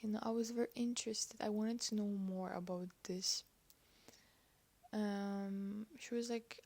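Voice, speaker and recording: A young woman vlogger telling a personal story slowly and hesitantly, her voice often sinking to a whisper. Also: medium pitch, fairly even intonation, creaky. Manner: slow, hesitant, soft-spoken, drifting often into whispers.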